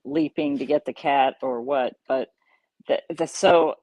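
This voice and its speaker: A middle-aged woman hosting a podcast, casually recounting a personal story in an animated way, chuckling and restarting her sentences. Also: a bass voice, unhurried, no room sound. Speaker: podcast host.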